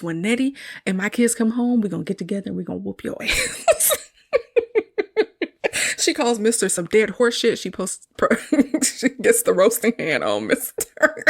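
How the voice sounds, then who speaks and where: A woman hosting a podcast, casually recapping a film scene, chatty and often laughing, calling listeners y'all. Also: medium pitch. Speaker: podcast host.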